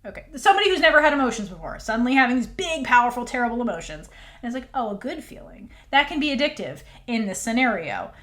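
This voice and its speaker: A woman co-hosting a casual recap chat, animated and acting out character lines. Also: a little high, fast talker. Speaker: podcast co-host.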